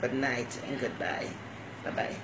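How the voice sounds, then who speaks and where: A woman's voice: rumbling low, unhurried, background noise. A woman hosting her own talk show, giving folksy motherly advice and greeting viewers by name. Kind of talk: casual live-stream monologue.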